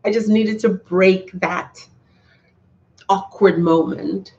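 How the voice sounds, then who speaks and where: A woman's voice: mid-range voice, fairly even intonation, slow pace, darkish tone. Heartfelt woman chatting live with viewers. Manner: heartfelt and earnest, with many restarts. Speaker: YouTuber talking to live chat. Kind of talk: casual live-stream chat. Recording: slightly dull, lo-fi sound.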